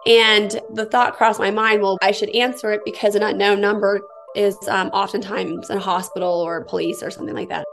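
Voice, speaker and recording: A woman's voice: mid-range voice, steady tone, brisk, creaky, few pauses, faint music behind. A middle-aged woman from the United States, an interviewee tensely and vividly retelling a personal ordeal. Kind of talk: personal account.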